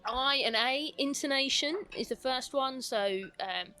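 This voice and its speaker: A woman's bright, fairly high voice carries a mixed British accent with a London twang. She has a slight lisp and talks quickly and animatedly, like a coach mentor chatting on a podcast. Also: faint music behind. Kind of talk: podcast conversation.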